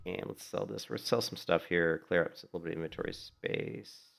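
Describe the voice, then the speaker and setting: With a low, creaky, fairly bright voice, a middle-aged man talks a little fast as he streams a game from his Florida home. He chats casually, rambling through stories in a relaxed manner and swearing freely.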